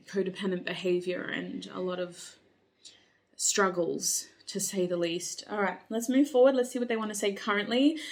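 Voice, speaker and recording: Woman tarot reader, casual and chatty, musing aloud with a steady mid-range voice. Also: medium pitch. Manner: chatty, musing aloud, frequent ums and likes. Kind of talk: casual intuitive tarot reading.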